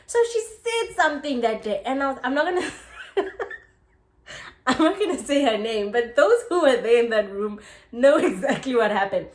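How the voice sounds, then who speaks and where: Young South African woman, highish voice, chatty storyteller full of fillers, roomy echo. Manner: chatty and expressive, frequent "like" fillers and laughter. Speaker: YouTuber. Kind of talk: casual storytime. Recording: echoey room.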